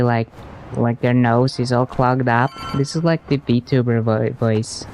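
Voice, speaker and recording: A man's voice: mid-range voice, steady tone, measured pace, darkish tone, slight background noise. Crude joking man commenting on a game. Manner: crude, joking, rambling asides. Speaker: gaming YouTuber. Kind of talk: casual let's-play commentary.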